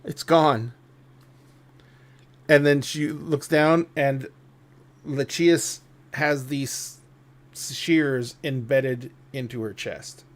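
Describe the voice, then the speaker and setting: A man narrating a tabletop game as game master, thoughtful and unhurried. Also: medium pitch, steady tone. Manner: slow, thoughtful, with restarts.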